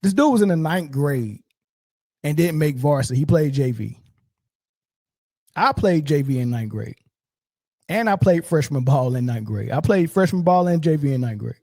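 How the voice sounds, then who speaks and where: A man hosting a sports commentary show, ranting in a mocking, profane and animated way. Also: a little high, normal speed, pauses often, dry recording.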